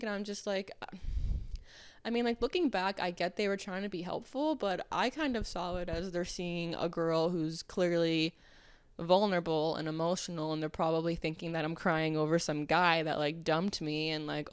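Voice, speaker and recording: Chatty young woman with a smooth voice. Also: lowish voice, fairly even intonation, moderate pace, dry recording. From Arizona, US. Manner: chatty and candid, heavy "like" filler, acts out quoted people. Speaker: podcast host. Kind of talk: casual solo podcast monologue.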